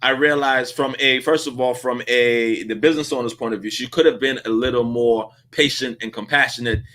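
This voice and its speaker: A man hosting a casual commentary, telling stories in an animated way and laughing often. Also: medium pitch, brisk. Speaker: host.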